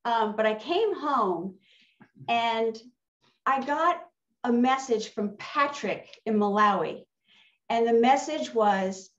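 A woman's voice: a little high, slow pace. Woman telling a story from a distance. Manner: animated, reenacts conversations in her story. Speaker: church member sharing a testimony. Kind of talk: casual storytelling testimony. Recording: distant, roomy, dull sound.

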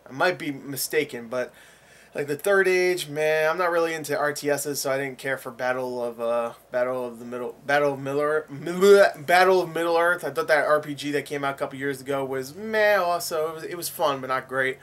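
A man chats casually through his reaction to a game trailer. He rambles, swears and laughs easily, in a slightly high voice. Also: a little fast, fairly bright tone. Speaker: YouTube trailer reviewer.

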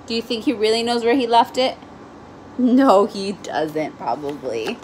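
A young woman teacher reading a story aloud to children, pausing gently to ask them questions. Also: a little high, a little hiss or hum.

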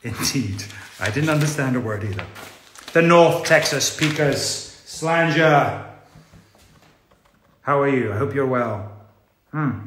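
A man's voice: mid-range voice, animated, slow, long pauses, fairly bright tone. Guy hosting a gala, reading fan notes, chatty and playful, echoey room. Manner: playful, chatty, reads aloud with asides. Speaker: gala host.

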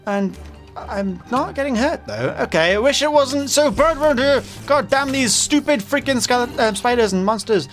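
A man hosting a modded game play-through, mumbling with fillers and then yelling in panic, his voice getting hoarse. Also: sits high, lively intonation, moderate pace, soft background music. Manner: frequent fillers and self-corrections. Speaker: gaming channel host. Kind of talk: Minecraft modpack let's play commentary.

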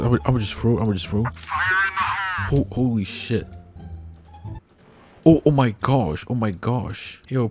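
A man giving excitable, stumbling gameplay commentary as a gaming video host, swearing often and repeating his words. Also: medium pitch. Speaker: gaming YouTuber.

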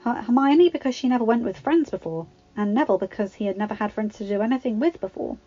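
A woman reading a fan-written story aloud in a steady, plain storytelling manner. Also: a little high, quick pace. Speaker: fanfiction reader. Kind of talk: audiobook narration. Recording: slightly dull home recording.

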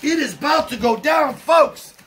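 A man hosting a home unboxing vlog, hyping every item with loud, shouted catchphrases in a collection room. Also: extremely high pitch, measured pace, faint music behind.

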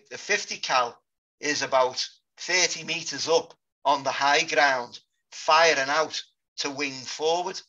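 British guy in his 50s telling a war story slow and sober, sharp bright voice, kinda dull lo-fi audio. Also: mid-range voice. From Britain. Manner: sober, halting recollection. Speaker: guest, war veteran. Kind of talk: interview storytelling.

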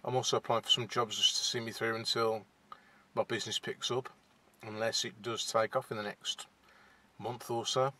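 His voice sits on the low side with little pitch movement, a sharp tone and a normal speed. He is a young vlogger from Wolverhampton in England's West Midlands, talking casually to camera from inside a parked car, shy, hesitant and often restarting amid fillers.

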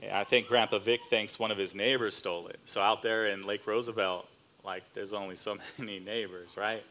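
A man pastor preaching a sermon as a relaxed, conversational story, with casual fillers and slang asides. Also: lowish voice, normal speed. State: choked up near the end.

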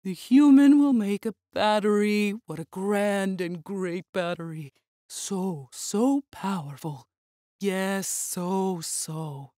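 A woman's voice: mid-range voice, slow pace, warm tone, dry recording, studio quality, natural voice. A woman voicing a creepy, fanatical monster that mutters and repeats itself about sweet blood. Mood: gloating.

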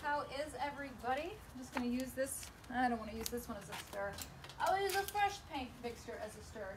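A young woman with a high, animated voice chats quickly on a livestream while painting outdoors at home, teasing herself and talking to her dog and viewers. It's recorded on a handheld phone camera with faint background noise.

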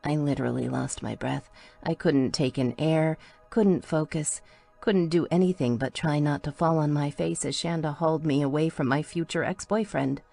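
A woman's voice: sits low, steady tone, moderate pace, gravelly, dark tone, faint music behind. A woman reading a first-person audiobook in an intimate storytelling manner. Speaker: audiobook narrator.

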